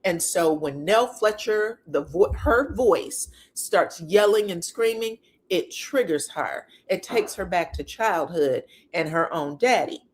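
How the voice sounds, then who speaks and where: A woman's voice: fairly low pitch, lively intonation, unhurried, hardly any pauses. A woman giving a sassy, casual recap of reality TV drama, full of rhetorical questions and blunt asides. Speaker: reality TV commentator.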